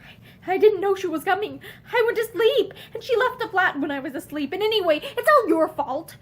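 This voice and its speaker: A woman's voice: very high voice, lively intonation, fairly quick. A woman voicing a distraught young woman who stammers through tears. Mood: tearful.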